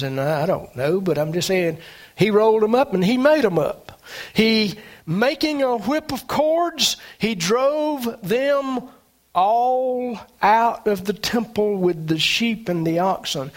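A man preaching a sermon, animated, with dramatic swings in pitch and loudness.

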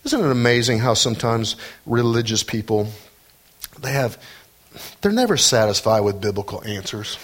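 A man's voice: mid-range voice, expressive, moderate pace. A man preaching a sermon, emphatic and repetitive, building to fervent peaks.

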